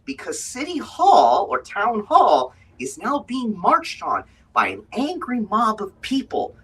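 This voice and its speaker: Lively man narrating a tabletop game, bright tone, kinda husky, sounds a bit far from the mic. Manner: lively storyteller, quick shifts into high put-on voices. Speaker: game master. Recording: voice from a distance.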